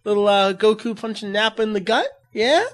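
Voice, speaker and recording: A man's voice: high voice, fairly quick, a bit bright. A man hosting a casual podcast chat, goofy and laughing often. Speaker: podcast host.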